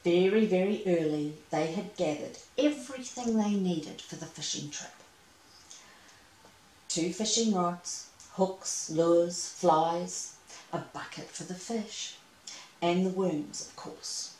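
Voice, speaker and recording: A woman reading a children's storybook aloud, gentle and expressive with playful asides. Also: lowish voice, slow, recorded from a distance. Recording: echoey room, away from mic.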